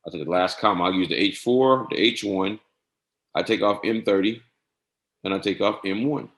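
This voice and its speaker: A man giving a casual screen-share tutorial on trading software, often saying "all right" and spelling codes out slowly. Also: lowish voice. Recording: echoey room.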